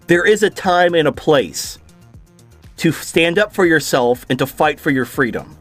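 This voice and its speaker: Furious man ranting, swinging pitch. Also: expressive, a little slow, faint music behind. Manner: furious, profane, shouting bursts. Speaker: video host reacting to a clip. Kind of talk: angry ranting commentary.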